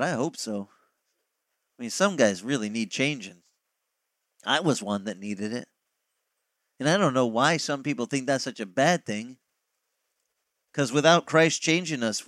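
A man preaching a sermon as pastor, with emphatic delivery that swings between hushed and raised phrases. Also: a little high, no room sound, studio quality.

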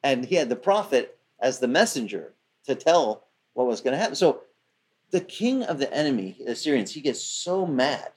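A man's voice: mid-range voice, big pitch swings, normal speed, husky. A man preaching, retelling a scripture story in a loose, conversational way. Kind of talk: sermon.

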